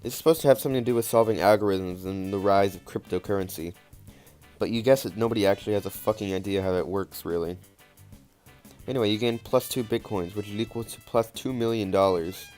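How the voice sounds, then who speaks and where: Young male let's-player, lower voice, casual and profane, soft music bed. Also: fast talker. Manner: joking, swearing, off-the-cuff. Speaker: let's play gamer. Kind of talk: reading game text and commenting. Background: faint game music.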